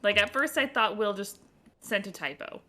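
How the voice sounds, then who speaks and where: Chatty woman with a bright voice. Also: medium pitch, lively intonation. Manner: chatty, quick to laugh. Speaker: stream guest player. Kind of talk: casual gaming chat. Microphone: headset mic over voice chat.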